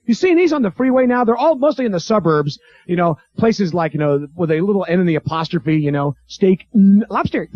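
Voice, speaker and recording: On a comedy club stage before a live audience, a stand-up comedian with a high-sitting voice works through his routine. He's animated, slipping into quick character voices and bantering with the crowd. The recording sounds like a dull, lo-fi 1980s club tape.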